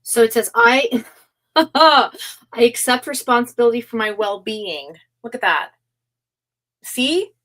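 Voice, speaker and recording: A woman's voice: a little high, expressive, slow pace, pauses often, fairly bright tone, poor audio. A woman doing a casual live-stream tarot reading, chatty and gushing with lots of fillers. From United States. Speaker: tarot reader.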